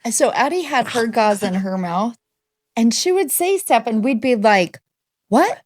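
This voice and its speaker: A woman's voice: a little high, animated, moderate pace, a little mellow, no room sound, studio quality. A woman in her forties co-hosting a podcast, chatting casually and reacting to her friend's stories. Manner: chatty, reactive, laughs along. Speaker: podcast co-host. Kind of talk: casual chat.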